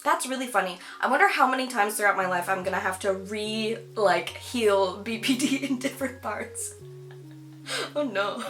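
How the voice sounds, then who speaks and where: A woman's voice: mid-range voice, animated, measured pace, fairly bright tone, soft background music. A woman talking candidly in a casual vlog at home, chatty and self-deprecating, with lots of "like" and laughter. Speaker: YouTuber.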